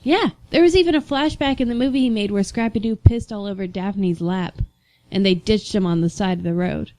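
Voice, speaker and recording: A woman's voice: mid-range voice, a little fast, dry recording, poor audio. A woman co-hosting a casual podcast chat, telling stories with lots of laughter. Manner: animated, laughing storyteller. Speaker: podcast co-host.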